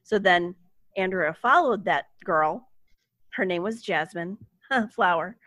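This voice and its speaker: Woman, animated storyteller, dry close sound, podcast co-host. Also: fairly low pitch, takes it slowly, no echo. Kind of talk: casual movie recap chat.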